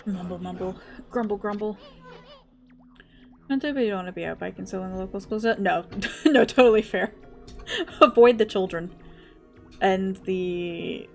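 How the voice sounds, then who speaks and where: A woman's voice: mid-range voice, unhurried, creaky, a little mellow, faint music behind. A woman streaming a game live, chatting casually, laughing often and cooing at her dog. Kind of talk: casual livestream chat.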